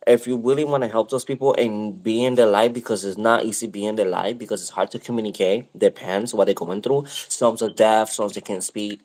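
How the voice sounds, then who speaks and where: A man's voice: fairly low pitch, fairly even intonation, a little fast, hardly any pauses, a little mellow. A man in casual conversation, telling a long story in a rambling way with many fillers and restarts.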